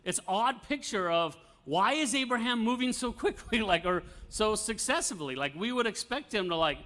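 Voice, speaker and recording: A man's voice: sits high, animated, moderate pace, pushed and bright. A man teaching an informal Bible study, talking conversationally with fillers and light laughs.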